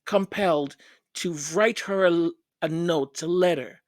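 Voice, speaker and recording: A man's voice: a little high, a little slow, dry recording, studio quality. A man hosting a fan news channel, speaking in an emotional, tearful way with many stammered repeats. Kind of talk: casual vlog commentary.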